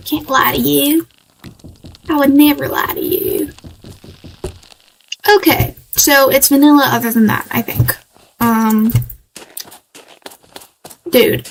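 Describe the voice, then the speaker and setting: A woman's voice: high-pitched, slight background noise, low-quality recording. A woman streamer chatting playfully through a let's play in a put-on American Southern drawl, talking to herself as she goes. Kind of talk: casual let's-play chat.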